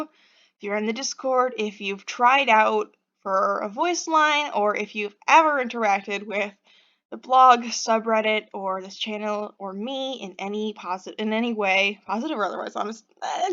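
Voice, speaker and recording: A woman's voice: medium pitch, normal speed, a bit bright, dull audio. A woman hosting a preview of her own game, chatting in a rambling, self-deprecating way and reading the narration. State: just woke up. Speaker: game developer and host.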